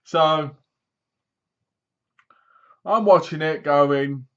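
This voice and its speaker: A man's voice: on the high side, extremely slow, smooth. A man with an English accent giving a casual, rambling movie review that sounds sarcastic. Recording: dull lo-fi recording.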